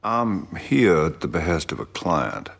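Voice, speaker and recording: A drawling Southern gentleman detective. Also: low voice, big pitch swings, creaky, exaggerated voice. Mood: courtly. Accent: old-fashioned Southern US, non-rhotic. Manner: slow, drawn-out, courtly phrasing. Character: genteel old-style Southern gentleman detective, unhurried. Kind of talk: film dialogue.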